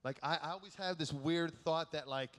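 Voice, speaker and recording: A man giving a keynote sermon at a youth conference, telling stories in an animated, joking way and acting out the people in them. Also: fairly high pitch, moderate pace. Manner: animated, joking storyteller who acts out quotes. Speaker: keynote speaker. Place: large conference hall. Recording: echoey large hall.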